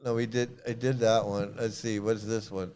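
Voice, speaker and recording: A man's voice: fairly low pitch, level tone, normal speed, a little mellow, slight background noise. A man hosting reaction commentary, scornful and blunt, stumbling and repeating himself as he mocks what he hears. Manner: scornful, repetitive, stumbling restarts. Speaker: commentary host.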